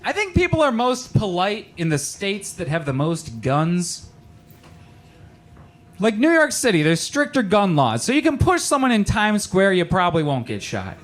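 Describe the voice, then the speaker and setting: Casting note: young male stand-up comic, high and very animated delivery, deadpan punchlines, switches into quick character voices. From Michigan. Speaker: stand-up comedian. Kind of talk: stand-up comedy set. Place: small comedy club with live audience.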